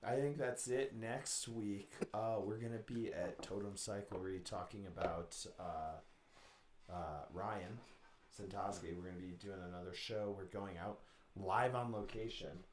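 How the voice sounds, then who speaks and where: A man's voice: lowish voice, steady tone, a little slow, reverberant, a little hiss or hum. A man hosting a casual live show, a bit sick, wrapping up loosely with lots of fillers. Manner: loose, rambling sign-offs with many fillers. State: slightly sick voice. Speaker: show host. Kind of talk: casual live-stream chat.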